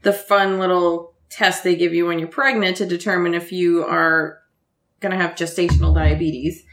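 A woman's voice: on the low side, little pitch movement, normal speed. A young woman co-hosting a podcast, telling a story casually with lots of "like". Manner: chatty, lots of "like". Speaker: podcast co-host.

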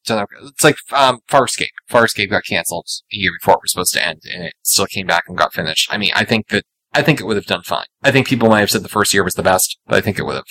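A man's voice: on the low side, quick pace, few pauses, sharp tone, poor audio. A man hosting a podcast, chatting casually in a rambling, wry way with many restarts. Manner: rambling, self-interrupting, wry. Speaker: podcast host.

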